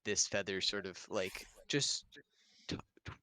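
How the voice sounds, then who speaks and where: Halting, smooth-voiced man player. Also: deep voice, sharp tone. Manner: halting, searching for words. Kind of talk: casual game chat.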